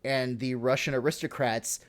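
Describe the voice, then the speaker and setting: A man's voice: mid-range voice, steady tone, moderate pace. A man hosting a podcast, casually retelling history with lots of swearing, laughs and fillers. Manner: profane, laughing, full of fillers. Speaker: podcast host.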